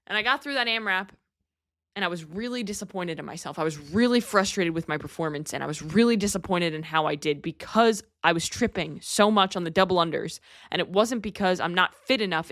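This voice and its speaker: A woman's voice: fairly low pitch, fairly bright tone, dry recording, studio quality. A young adult woman hosting a podcast, giving a candid, earnest motivational monologue and swearing casually. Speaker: podcast host.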